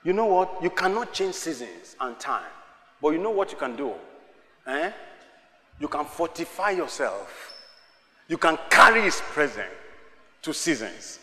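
A male pastor whose first language is Yoruba preaches a sermon in a sharp, forceful voice pitched high for a man. Very animated yet measured, he pauses often and leads call-and-response, moving from quiet asides to shouts. Long reverb trails through the echoey hall.

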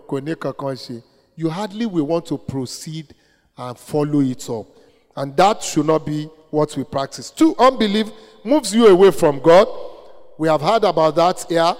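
A man's voice: high voice, big-room sound, poor audio. A man with a Nigerian accent preaching an interactive sermon, asking the congregation questions and then answering them himself. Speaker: preacher leading a Bible study.

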